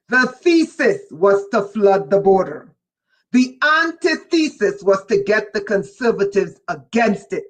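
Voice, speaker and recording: A livestream host reading viewer chat, who gets excited and raises their voice, often breaking off with "whoa" and asking listeners whether they follow. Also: mid-range voice, unhurried. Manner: breaks off with repeated "whoa" and "wait". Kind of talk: casual livestream talk to viewers.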